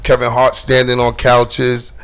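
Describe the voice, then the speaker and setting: Gravelly man, excited storyteller. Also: mid-range voice, a little slow. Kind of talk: casual storytelling on radio.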